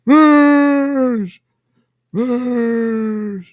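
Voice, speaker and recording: A man puts on a petulant man-child who shrieks and whines at a rival in a voice pitched far above his natural one. The voice is thin, nasal-high and rasping at the edges. It is dry and close. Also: fairly even intonation, very slow, no echo, heavily acted. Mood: shrieking. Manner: high, whiny, yelling.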